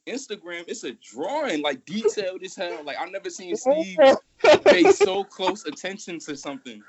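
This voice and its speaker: A young man calling in by phone to a casual chat, excitable and swearing freely as he talks. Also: high-pitched, moderate pace. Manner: excitable, swears often, animated delivery. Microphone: phone call. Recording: lo-fi phone with crowd noise.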